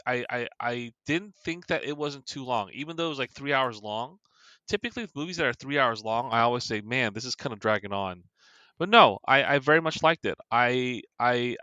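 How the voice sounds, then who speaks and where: A man's voice: medium pitch, bright, forceful tone, smooth, dry recording, muffled recording. A man co-hosting a podcast, explaining his movie pick in a rambling way with many fillers. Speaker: podcast co-host. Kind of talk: casual chat.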